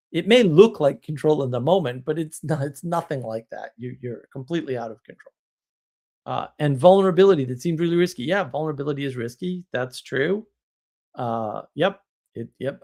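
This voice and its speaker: A man's voice: on the high side, brisk, a little mellow. A man hosting a live stream, talking in a casual monologue that rambles with restarts and chuckles, blunt and wry.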